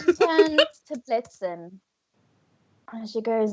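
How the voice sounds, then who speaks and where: A woman running a tabletop game as game master, telling the story in a lively, casual way. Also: a little high, a little slow, highs cut off, slight background noise.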